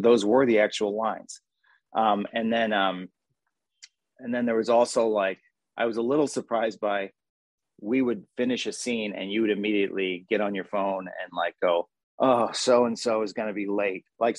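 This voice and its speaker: A man's voice: lowish voice, steady tone, normal speed, no room sound. A man with a New Jersey accent, a guest chatting casually in a wry, rambling way. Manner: rambling, wry, full of fillers. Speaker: guest, actor and crew member. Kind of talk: casual interview chat.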